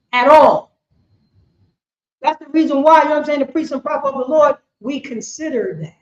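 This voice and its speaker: High-voiced New street preacher. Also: female voice. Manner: animated, repetitive, punctuated with "you know what I'm saying". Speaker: preacher teaching scripture. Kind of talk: street sermon. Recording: echoey, dull lo-fi sound.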